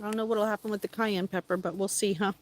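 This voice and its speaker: A woman vlogging outdoors, excitedly calling and cheering at a squirrel, then dropping to mutters. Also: medium pitch, fast talker, no room sound. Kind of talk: casual outdoor vlog. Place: outdoors, yard near a hill road.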